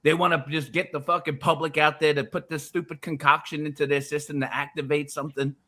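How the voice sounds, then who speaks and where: A man's voice: fairly high pitch, level tone, quick pace, bright, forceful tone. A man in a casual comedic chat, rambling and riffing loosely and swearing freely.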